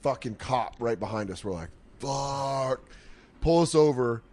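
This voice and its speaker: A man's voice: medium pitch, lively intonation, brisk, darkish tone. Profane, crude young man telling stories. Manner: crude, profane storytelling with acted-out quotes. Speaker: podcast co-host. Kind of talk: casual storytelling chat.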